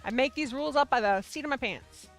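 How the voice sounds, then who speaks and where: Bubbly, high-pitched woman streamer. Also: fast talker, soft background music. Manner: bubbly, excitable, chatty with viewers. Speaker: livestream host of a yarn shop show. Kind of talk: casual livestream chat.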